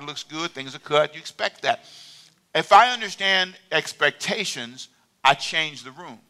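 Animated preaching man, bright voice. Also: fairly high pitch. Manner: animated, conversational preaching with call-and-response. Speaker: pastor. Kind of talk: sermon. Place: church sanctuary.

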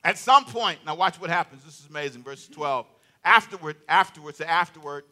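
A man preaching a sermon in a lively, conversational way, with comic asides and repeated phrases. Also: a little high, brisk. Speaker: pastor.

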